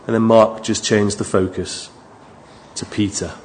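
A man preaching a sermon, moving from quiet, low asides to raised, emphatic appeals to his listeners. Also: little pitch movement, a little slow, slight background noise.

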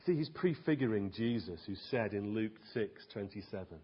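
Man, husky voice, earnest sermon, emphatic, dull lo-fi recording. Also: on the low side, expressive, moderate pace, hardly any pauses. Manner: earnest, emphatic, rhetorical questions. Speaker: preacher.

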